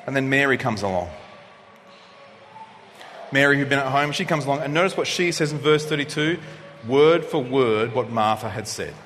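A male pastor delivering a sermon, preaching expressively and swinging from loud passages to hushed ones. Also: medium pitch, lively intonation, moderate pace, long pauses, faint music behind. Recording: long reverb of a hall, faint noise.

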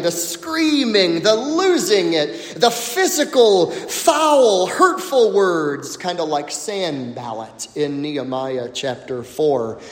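A man preaches with a high, animated voice that swoops up and down. He takes his time, leaning on words and then dropping to a hush for effect. His voice rings through a large, echoing sanctuary with a long reverb tail. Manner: emphatic preaching with dramatic pauses and sudden drops to near-whisper. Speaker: pastor. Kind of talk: sermon. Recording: echoey hall, long reverb.

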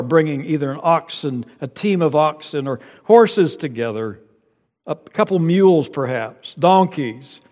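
Guy preaching a sermon in a church, kinda high voice, big echoey hall, gets loud then drops soft. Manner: swells loud and high on emphasis, then drops quiet and low. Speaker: pastor. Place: church sanctuary. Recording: long reverb of a large hall.

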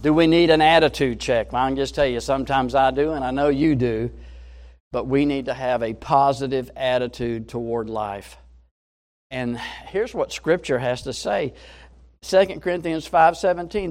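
A man's voice: mid-range voice, normal speed. A man preaching a sermon in an earnest, emphatic way, rising and falling in volume.

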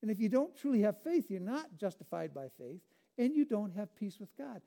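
Male pastor, earnest pleading sermon delivery; high-pitched, warm and dark in tone. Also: sing-song, moderate pace, creaky.

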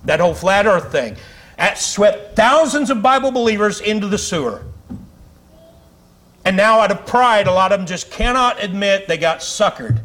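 A man's voice: high voice, animated, normal speed, a bit bright. A male pastor preaching a sermon to his congregation in a fiery, conversational way with chatty asides. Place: church sanctuary.

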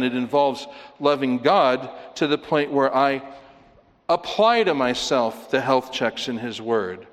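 A man preaching a sermon in an earnest manner, slowing down to read scripture and rising to emphatic stresses. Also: medium pitch, big-room sound.

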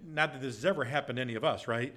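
A man's voice: rapid-fire, a bit bright. A man preaching a Bible-study sermon, conversational, with frequent "right?" asides and acted-out quotes. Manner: acts out quoted speech with shifts in pitch. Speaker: pastor.

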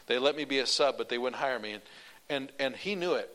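A male preacher telling a personal story in a sermon, animated, running sentences on with repeated "and". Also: mid-range voice, brisk.

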